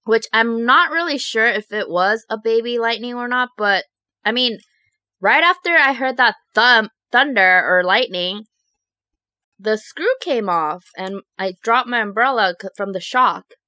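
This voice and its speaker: Chatty young woman vlogger, bright clear voice, kinda high, dry close sound. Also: unhurried, no echo. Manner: chatty, animated, many "like" fillers. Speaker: mukbang vlogger. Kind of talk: casual storytelling to viewers.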